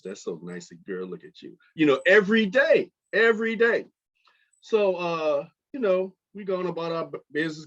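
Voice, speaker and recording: Chatty middle-aged man telling a story. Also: fairly high pitch. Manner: animated, chatty storyteller with frequent fillers. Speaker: podcast host. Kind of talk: casual storytelling monologue. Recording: dull lo-fi podcast audio.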